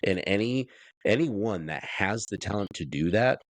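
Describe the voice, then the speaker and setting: A man's voice: fairly low pitch, expressive, moderate pace. A man co-hosting a sports podcast, ranting bluntly about football teams in casual chat. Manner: blunt, ranting, swears freely. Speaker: podcast co-host.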